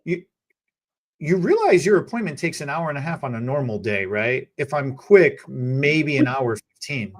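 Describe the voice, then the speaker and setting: Lively, animated woman telling work stories. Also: very deep voice, moderate pace. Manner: animated, acts out clients in put-on voices, laughs often. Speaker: hairstylist. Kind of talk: casual storytelling chat.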